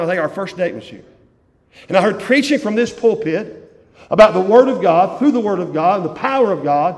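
A man from Virginia, preaching a fervent evening sermon as pastor. He repeats key phrases and swings between loud and hushed lines. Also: high-pitched. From West Virginia, USA. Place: church sanctuary. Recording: long church hall reverb.

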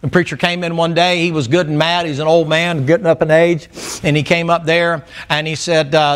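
A man's voice: fairly high pitch, steady tone, moderate pace, a bit bright. A middle-aged man preaching a sermon in church, blunt and folksy, telling stories. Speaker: pastor.

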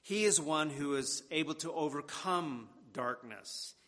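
A man preaching a sermon, deliberate and emphatic, repeating key words for weight. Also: fairly high pitch, fairly bright tone. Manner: slow and deliberate, with emphatic repetition. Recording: long hall reverb.

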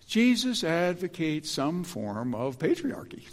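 Animated preacher with a gravelly edge. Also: male voice, high-pitched, unhurried, big-room sound. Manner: animated, emphatic preaching with frequent restarts. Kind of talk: sermon.

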